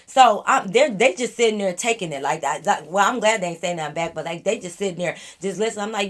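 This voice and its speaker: A woman's voice: medium pitch, expressive, quick pace, few pauses. A young woman rattles off a casual story to her viewers. She is blunt and profane, and she acts out her friends' lines as she goes. Her voice sits in a plain middle range. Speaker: storytime vlogger.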